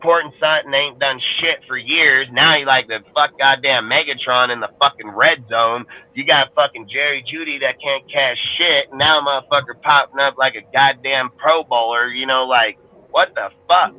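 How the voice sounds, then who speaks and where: A man's voice: mid-range voice, steady tone, normal speed, phone-quality sound. A man with a Californian accent ranting angrily about football on a fan panel show, swearing constantly and restarting his sentences. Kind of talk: heated profane sports rant.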